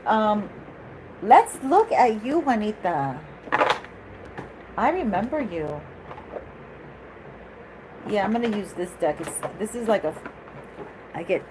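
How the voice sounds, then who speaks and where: A woman's voice: mid-range voice, big pitch swings, measured pace, long pauses, background noise. A woman giving a casual tarot reading in a chatty, rambling way, laughing often and going off on asides. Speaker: tarot reader.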